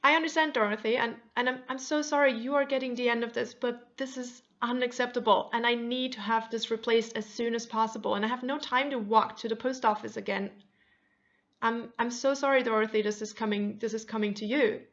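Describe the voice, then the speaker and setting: A woman's voice: on the high side, fairly even intonation, a little fast, a bit bright, dull audio. A woman doing a sweetly firm caller on a complaint line. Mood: sweet but firm. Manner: overly sweet thanks mixed with firm demands. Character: friend on a complaint call, polite but firm.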